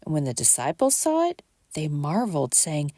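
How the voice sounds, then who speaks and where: A woman hosting a podcast, reading scripture aloud at a measured pace and lifting her voice for quoted speech. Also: deep voice, wildly swooping pitch, warm tone, dry recording, clean studio sound.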